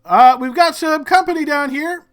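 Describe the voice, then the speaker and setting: A man voicing rough armed guards who bark orders in a high, loud, contemptuous voice. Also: moderate pace. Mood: bullying shout. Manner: shouting, brash and contemptuous.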